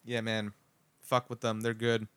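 A young man chats casually on a podcast, loose and full of fillers and swearing. His voice is smooth and clear, recorded dry and close. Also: lowish voice, monotone, unhurried, fairly bright tone, dry recording. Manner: laid-back, lots of fillers and swearing. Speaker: podcast host. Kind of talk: casual chat.

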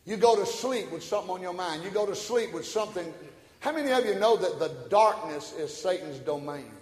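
A man preaching a sermon, folksy and joking, swinging from quiet asides to shouted peaks. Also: high-pitched, expressive, brisk. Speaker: pastor. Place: church sanctuary. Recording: echoey hall, church room.

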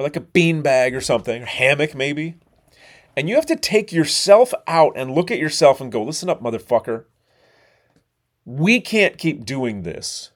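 A middle-aged man, hosting a podcast and talking bluntly and candidly, with frequent swearing. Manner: blunt and profane, animated swings in pitch and volume. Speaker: podcast host. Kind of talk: candid monologue.

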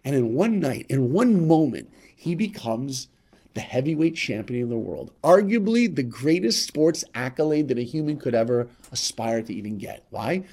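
A man as a podcast guest telling a motivational story, emphatic and repetitive, swinging between loud and hushed. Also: medium pitch, expressive, normal speed.

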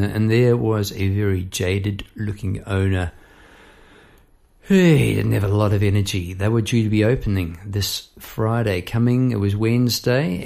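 A young man telling a story in a casual, animated way, acting out the people in it. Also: creaky. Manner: animated, chirps bird noises and acts out people in high voices.

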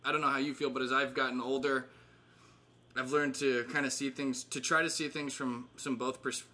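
A man's voice: medium pitch, flat delivery, moderate pace, bright, forceful tone. A man in his thirties casually catching up with old friends, rambling with fillers and laughing often. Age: 30s. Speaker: host.

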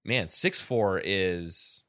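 A man's voice: deep voice, drawn-out words, fairly bright tone, no echo. Man co-host, eager rambling chat on a call, dry mic. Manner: enthusiastic, rambling with restarts. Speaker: podcast co-host.

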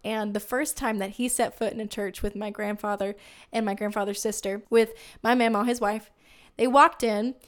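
A woman's voice: mid-range voice, fairly even intonation, moderate pace. A young woman hosting a faith podcast, telling a family story in an earnest, heartfelt and casual way. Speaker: podcast host in ministry.

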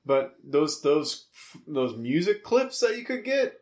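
A man co-hosting a podcast, tossing out jokes in loose, casual banter. His voice sits a little high and jumps all over the place in pitch. He laughs easily and keeps the energy up. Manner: animated, jokey, quick to laugh. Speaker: podcast co-host.

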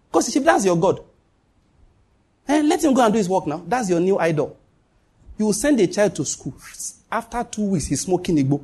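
A man preaches as pastor in a fairly high, husky voice. He hammers his points home, repeating them, with his pitch leaping up and dropping low. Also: sing-song, fairly quick, warm tone. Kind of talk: sermon.

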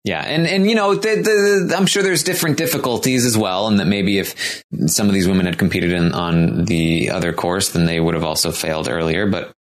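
A low-voiced man co-hosts a casual podcast, recapping episodes. He rambles with frequent ums and restarts, slowing down whenever he announces each competitor.

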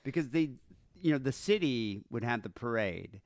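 A man's voice: mid-range voice, normal speed, no room sound, clean studio sound. A man in his thirties who grew up in South Africa, telling stories in casual podcast chat with lots of restarts. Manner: animated storyteller, frequent restarts. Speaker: podcast co-host.

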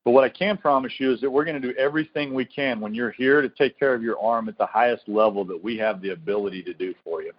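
A man's voice: medium pitch, quick pace, few pauses. A man who coaches college baseball, telling stories and explaining his program in an earnest, reflective podcast interview, often restarting his phrases. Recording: dull lo-fi recording.

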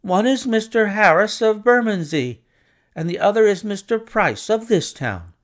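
A man voicing an eager, cheerful young male clerk who tells his story in an animated way. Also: sits high, moderate pace, vocal fry, pitched above the performer's own voice.

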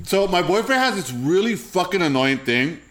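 A young man co-hosting a podcast, telling crude stories in a profane, animated way and laughing often. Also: sits high, normal speed, over loud music. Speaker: podcast co-host. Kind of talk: casual chat, crude storytelling.

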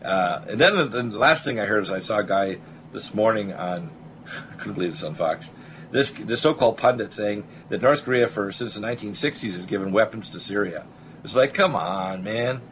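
A man hosting a political talk radio show, talking in a blunt, excitable way and often repeating words as he starts a thought. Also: on the low side, fairly quick, slight background noise, low-quality recording.

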